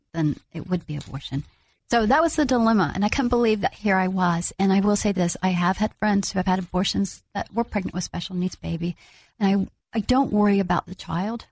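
A middle-aged woman telling her own story as a mother, earnest and reflective, with small restarts and pauses. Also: lowish voice, a little mellow, dry recording. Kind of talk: personal storytelling.

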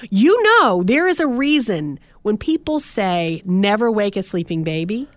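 A woman in her thirties, a podcast co-host telling stories in casual chat, animated and indignant. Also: mid-range voice, unhurried, no echo. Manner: animated storytelling, indignant asides.

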